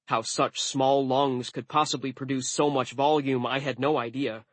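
A man narrating an audiobook in the first person with a wry, deadpan delivery. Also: medium pitch, moderate pace, no echo.

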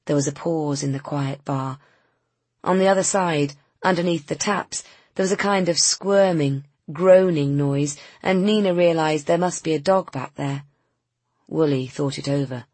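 Woman narrator, low husky voice, measured reading. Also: a little mellow, no echo. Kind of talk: audiobook narration.

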